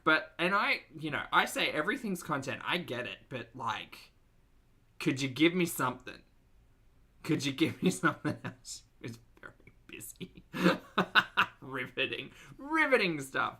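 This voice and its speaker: An Australian man hosting a casual reaction livestream, talking loudly and chattily. He has a bright, forward tone, and his pitch swings widely as he jokes at his own expense. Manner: chatty, loud and self-mocking.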